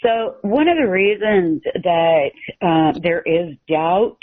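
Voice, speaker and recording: Woman phone-in caller; hesitant and emotional, low pitch, thin telephone sound. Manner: halting, tearful, hesitant. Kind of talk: call-in conversation. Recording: tinny phone line.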